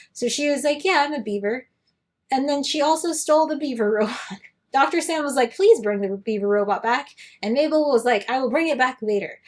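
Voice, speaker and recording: A woman giving casual commentary as a video essayist, retelling things in a sarcastic, lively way. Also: sits high.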